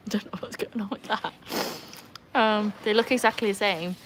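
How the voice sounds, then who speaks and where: A woman's voice: mid-range voice, steady tone, unhurried, background noise. A woman chatting casually on a livestream, rambling on tangents and reading out viewer comments. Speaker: livestream host.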